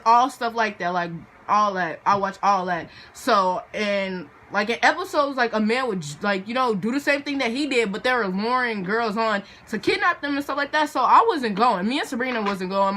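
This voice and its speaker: In a somewhat high, sharp voice, a teen girl vlogs a storytime with chatty drama and heavy filler, voicing each character herself. Slight background noise can be heard.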